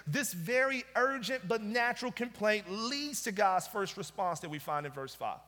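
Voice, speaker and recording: A man's voice: sits high, animated, moderate pace, pushed and bright. A man preaching a sermon as pastor, driving his points home with emphatic, repeated rhetorical questions. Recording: long reverb of a large hall.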